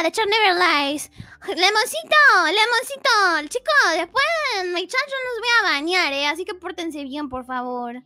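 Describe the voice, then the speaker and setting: Super high-pitched woman streamer, dramatic and giggly, bouncy up-and-down voice. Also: bright, forceful tone, no room sound. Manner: dramatic, giggly, mock-pleading. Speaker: VTuber guest. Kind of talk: playful livestream chat. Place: home streaming setup.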